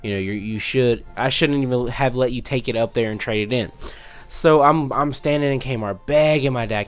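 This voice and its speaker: A man's voice: medium pitch, moderate pace, clear, resonant tone. Rambling young man narrating gameplay. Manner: rambling, distracted, restarts mid-sentence while playing. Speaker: let's play host. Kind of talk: casual gameplay commentary with storytelling.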